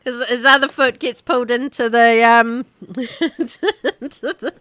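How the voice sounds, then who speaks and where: A woman narrating as game master of an online tabletop game, laughing often between quick rulings. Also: on the high side, fairly even intonation, very noisy.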